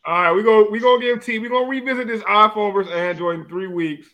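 High voiced guy hosting, slangy and jokey. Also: fast, dull audio. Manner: loose slangy banter, laughs often. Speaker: podcast host. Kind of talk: casual chat.

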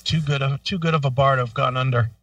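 A middle-aged man co-hosting a radio talk show, telling a profane story in a casual, animated way and acting out the quotes. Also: medium pitch, fast, dry recording, far from the mic.

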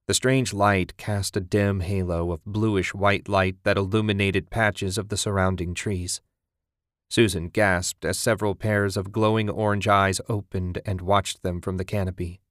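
A man reading a story aloud in a measured, even way. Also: on the low side, no echo, studio quality. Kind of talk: scripted narration.

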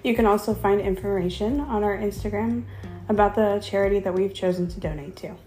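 A woman co-hosting a podcast, teasing and laughing in relaxed chat. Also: medium pitch, a little fast, roomy sound, faint music behind. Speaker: podcast co-host. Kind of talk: casual chat.

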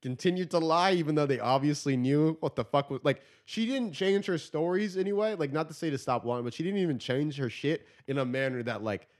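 A man hosting a podcast in casual chat, slangy and profane, laughing often and getting animated when he tells stories, on a studio microphone. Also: fairly high pitch, a little fast, hardly any pauses.

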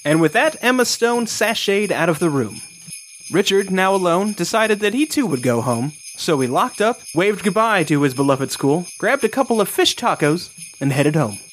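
Mock-cozy male storyteller, a bit high. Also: very animated, normal speed, a bit bright, slight background noise. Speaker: narrator and co-host. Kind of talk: comedic storybook narration.

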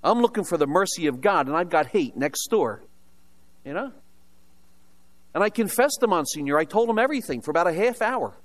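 An older American man preaching a sermon, telling his own story with humorous asides and rhetorical questions. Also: on the high side. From United States. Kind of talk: sermon with personal testimony.

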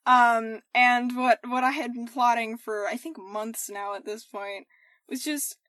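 A woman on a casual podcast, an animated storyteller who swears and laughs as she recounts running a tabletop game. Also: fairly high pitch, measured pace, no echo, studio quality. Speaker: podcast co-host and game master. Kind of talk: casual chat.

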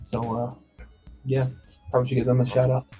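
A man's voice: medium pitch, completely flat delivery, fairly quick, mellow. A man hosting a casual podcast chat, rambling with many fillers and restarts. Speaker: podcast host. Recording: faint bed music behind.

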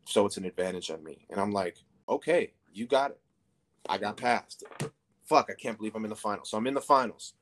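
A man's voice: fairly low pitch, quick pace, a bit bright, a little hiss or hum. A man in his thirties, a podcast guest, telling a story casually with lots of swearing and fillers. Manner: profane, rambling, filler-heavy.

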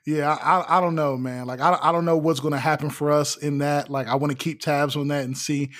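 A laid-back man with a fairly high voice trades slangy stories on a podcast. He laughs easily, and his close mic sounds dry, with no room around it. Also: fairly even intonation, brisk, a bit bright, no room sound. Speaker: podcast co-host. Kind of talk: casual chat.

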